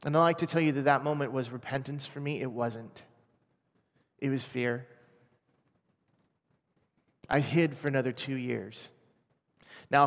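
A man in his forties from Washington state, sharing a personal testimony in an earnest, quiet, emotional way. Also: mid-range voice. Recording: long hall reverb.

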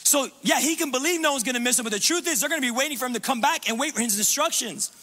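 Male pastor, sermon delivery; high, sharp voice, urgent and repetitive, drops to hushed tones. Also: racing. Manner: impassioned, repetitive, swings between loud urging and hushed low tones.

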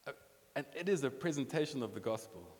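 A man preaching a sermon as a pastor, talking in a conversational, animated way with quick restarts. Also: mid-range voice. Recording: long hall reverb.

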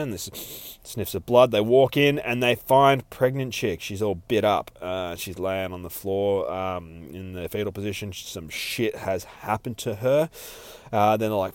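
A man's voice: on the low side, expressive, moderate pace, no room sound. A man hosting a podcast, recapping a comic in a casual, profane, rambling way and laughing often. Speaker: podcast host.

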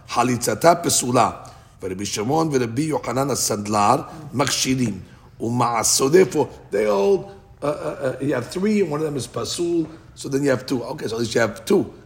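A man's voice: mid-range voice, normal speed, vocal fry. A man teaching a Talmud study class, explaining in English with chanted Aramaic quotes and frequent restarts.

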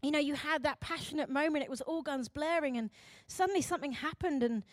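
A British woman preaching a sermon in an animated, chatty way, acting out quotes and laughing at herself. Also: sits high, fast talker, dry recording, clean studio sound. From Britain.

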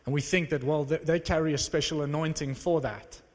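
A young man from South Africa preaching a sermon, telling a personal testimony with animated storytelling that rises into excited exclamations. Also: fairly high pitch, a little fast. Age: young adult. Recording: reverberant hall.

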